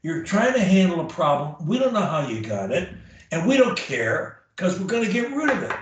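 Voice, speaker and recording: A man's voice: high voice, very animated, normal speed. A man coaching a client one-on-one through speech drills, emphatic and demonstrating each drill aloud. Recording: very echoey room, mic at a distance.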